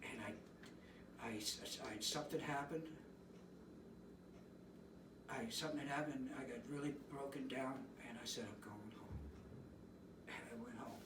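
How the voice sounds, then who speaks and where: A man from the East Coast, a musician guest telling rambling, animated stories in a casual interview. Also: mid-range voice, measured pace, long pauses. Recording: roomy, distant mic, noisy.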